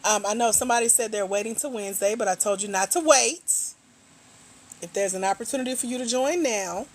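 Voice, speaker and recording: A middle-aged woman hosting a casual livestream, a grant coach who chats with viewers in a teasing, slangy, relaxed way while walking around at home, a little tired. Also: fairly high pitch, a little fast. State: tired, low energy.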